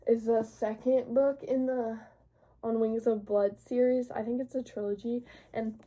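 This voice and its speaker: A woman's voice: on the high side, steady tone, unhurried, mellow. A teenage girl with a cold and sniffles, chatting casually and rambling about her new books. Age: teens. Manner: rambling, filler-heavy, bubbly. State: sick with sniffles. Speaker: book vlogger. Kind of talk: casual chat.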